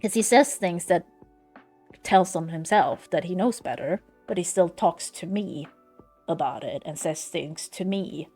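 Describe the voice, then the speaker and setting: Her voice is lowish, a little slow, darkish, and breathy at the edges, with soft background music. A young Swedish woman streams from home, chatting casually and venting in frank, sweary, loose run-on sentences.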